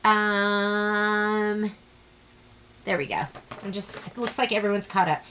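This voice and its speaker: A woman's voice: mid-range voice, level tone, slow, pushed and bright, slight background noise, poor audio. A woman teaching a live online sewing class, chatting in a rambling, self-deprecating way as she works. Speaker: sewing instructor.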